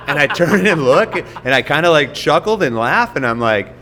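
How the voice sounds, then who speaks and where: A man's voice: on the high side, sing-song, takes it slowly, long pauses, pushed and bright, long reverb tail. A man, a podcast guest, telling a story in a self-mocking way and laughing often. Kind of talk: casual storytelling.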